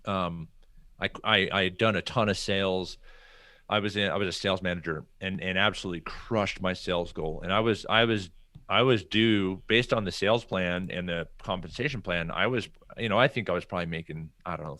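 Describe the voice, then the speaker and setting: The podcast guest's voice sits low and runs fairly quick, with no echo. He's an animated storyteller, casually recounting career moments and acting out what others told him.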